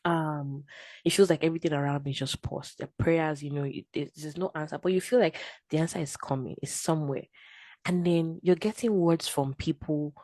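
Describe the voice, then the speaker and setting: A woman, a podcast guest telling her story in a casual, animated way and acting out her own quotes. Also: low voice, normal speed, no room sound. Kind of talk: casual testimony chat.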